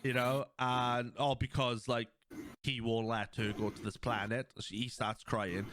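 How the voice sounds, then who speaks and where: Podcast host, young man, casual and rambling, mid-pitched, faint noise bed. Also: unhurried. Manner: rambling, animated retelling with laughs. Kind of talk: casual chat.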